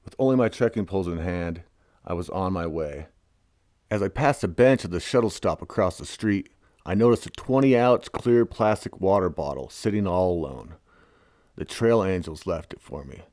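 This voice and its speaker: Deep-voiced male memoir reader, wry and casual, dry booth sound. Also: a little mellow, dry recording. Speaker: narrator. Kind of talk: reading own memoir.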